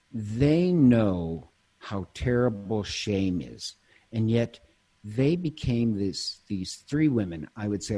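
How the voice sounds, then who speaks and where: Husky-voiced priest telling stories. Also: male voice, fairly low pitch, warm tone. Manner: storytelling, self-interrupting, laughs easily. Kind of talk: casual conversation.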